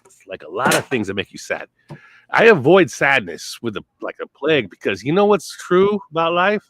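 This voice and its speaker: Animated, foul-mouthed man ranting. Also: mid-range voice, moderate pace, slight background noise, rough recording. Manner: crude, blunt, swears constantly; wandering, trails off and restarts. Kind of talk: rambling profane monologue.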